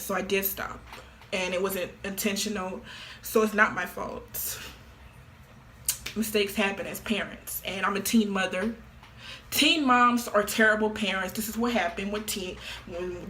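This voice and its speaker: Woman vlogger, casual and offhand, slangy and repetitive, with a bright edge. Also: mid-range voice, slight background noise. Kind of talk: casual confession to camera.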